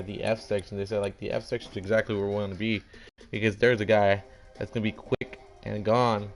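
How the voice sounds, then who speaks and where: A young gaming commentator with a fairly low voice talks briskly over soft background music, covering a video game draft. He's animated and playful, acting out the teams' reactions and voicing brands in quotes, with casual swearing.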